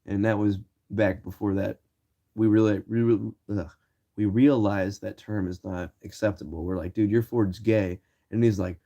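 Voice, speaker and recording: Young ohio dude streaming, kinda low voice, warm and relaxed, cussing thru his stories. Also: normal speed. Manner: loose, swearing, acts out quoted shouts. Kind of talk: casual storytelling.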